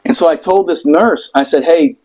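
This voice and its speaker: A man in casual podcast chat, telling a wild personal story with plenty of swearing. His voice sits a bit high for a man, and he jumps into quoted voices as he goes. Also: normal speed, low-quality recording. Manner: animated, profane, acts out voices in quotes.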